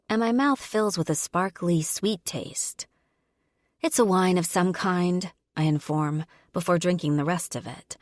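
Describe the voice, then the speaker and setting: A woman narrating a first-person romance audiobook in a steady, even storytelling manner. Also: low-pitched, dry recording, studio quality.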